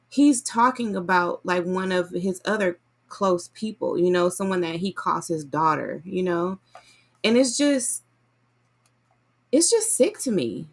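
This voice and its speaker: A woman in casual, animated chat, often addressing listeners as y'all. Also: on the low side. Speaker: vlogger reviewing a book.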